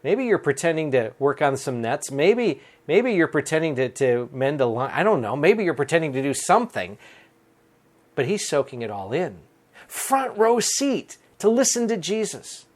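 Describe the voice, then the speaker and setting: A man's voice: on the high side, big pitch swings, moderate pace. A male Catholic priest giving a daily homily for a podcast, earnest and conversational, chuckling as he speaks. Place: rectory room.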